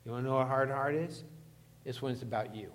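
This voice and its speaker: A man's voice: mid-range voice, quick pace, a little hiss or hum. Man preaching in a reverberant hall. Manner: emphatic, asks the congregation questions. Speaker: pastor. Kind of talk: sermon.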